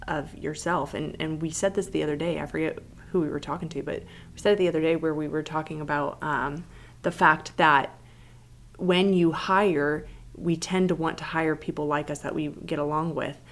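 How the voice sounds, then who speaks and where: A woman in her thirties co-hosting a podcast, telling stories in a chatty, animated way. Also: low-pitched, slight background noise. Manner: chatty, animated storytelling with laughs. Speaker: podcast co-host. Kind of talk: casual chat.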